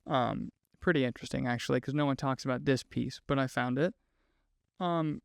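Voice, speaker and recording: A man's voice: medium pitch, gravelly, smooth, dry recording, studio quality. A man hosting a podcast, telling a story in a casual, chatty way, full of fillers and asides. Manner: chatty, lots of "like" fillers, laughs at own asides. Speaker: podcast host.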